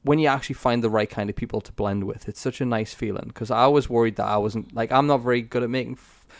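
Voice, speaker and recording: A man hosting a casual interview, asking quick, encouraging follow-up questions. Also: mid-range voice, fairly even intonation, creaky, no room sound, studio quality. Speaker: podcast host.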